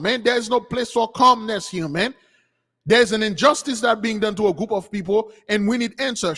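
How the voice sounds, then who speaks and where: A man's voice: high-pitched, normal speed, a bit bright, husky, faint music behind. A man hosting a channel, delivering an impassioned, preachy rant as livestream commentary. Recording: long hall reverb.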